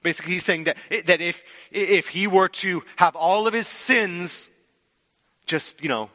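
A man preaches a sermon in a bright, ringing voice. He pushes some words out loudly and lets others fall to a near-whisper. His voice carries a long reverb from a large hall. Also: high-pitched, a little slow. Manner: expressive preaching, swings from loud to hushed. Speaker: pastor.

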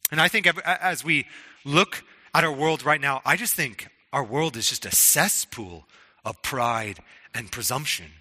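A man's voice: mid-range voice, unhurried, sharp tone, long reverb tail. A man preaching a sermon in an earnest, conversational way, often restarting his words. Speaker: pastor.

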